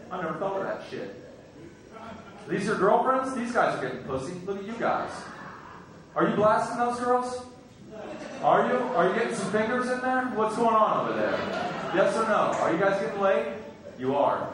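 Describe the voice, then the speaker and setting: A man doing a loud, crude stand-up set, teasing the crowd and breaking into sung bits. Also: sits high, background noise. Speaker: stand-up comedian. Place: comedy club stage. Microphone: handheld stage mic. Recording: echoey club heard from far off, with music.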